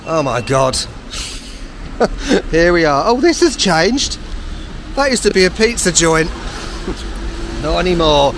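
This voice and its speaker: A man's voice: fairly high pitch, sing-song, slow pace, pauses often, noisy background. A man with a West London accent walking and talking to camera in a travel vlog, full of dry sarcastic humor. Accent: West London (Hounslow). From Hounslow, London. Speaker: travel vlogger. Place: outdoors on windy town streets.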